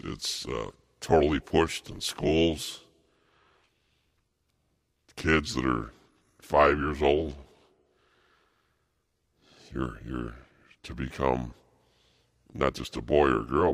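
A man with a very deep, gravelly voice preaches at a slow, dragging pace. He circles back on his own phrases, repeating them and stumbling through fillers and restarts as he rambles through his sermon. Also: fairly even intonation, fairly bright tone. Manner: repetitive, halting, with many fillers and restarts.

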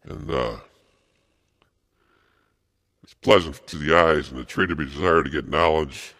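A man preaching a rambling sermon, halting and repetitive, with many fillers and restarts. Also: very deep voice, fairly even intonation, a bit bright.

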